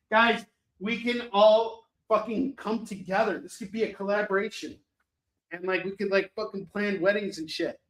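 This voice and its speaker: Swear-happy guy hawking comics on a stream, kinda high voice, rambly and jokey. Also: fairly bright tone. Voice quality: profane, rambling, joking. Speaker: live-stream comics seller. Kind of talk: casual live-stream sales chat.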